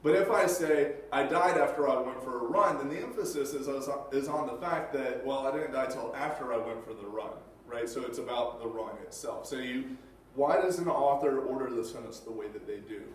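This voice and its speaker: A man's voice: medium pitch, moderate pace, slight background noise. A male teacher giving a casual classroom lecture, checking in with rhetorical questions and filler words. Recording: echoey room, mic far off.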